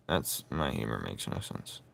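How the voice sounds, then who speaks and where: A playful man chats while drawing, laughing at his own silly jokes. His voice swoops up and down with lots of life, but he talks at an easy, slow pace. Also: rumbling low, lively intonation, gravelly, a bit bright. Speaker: artist drawing on stream. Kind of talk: casual chat while drawing.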